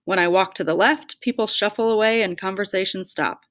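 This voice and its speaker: A woman's voice: medium pitch, fairly quick, a bit bright, no room sound. Woman, first-person audiobook narration, wry and self-deprecating, dry close mic.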